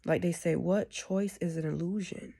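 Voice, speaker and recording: A woman's voice: on the low side, fairly even intonation, moderate pace, gravelly, dark tone. A woman giving a casual, rambling spiritual monologue, often checking in with "you know what I'm saying.". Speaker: spiritual speaker.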